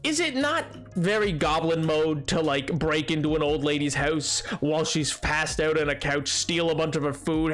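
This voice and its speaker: High-voiced man rambling on a stream. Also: fairly bright tone. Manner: rambling and jokey, trips over his own words. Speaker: game streamer. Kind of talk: casual live-stream chat.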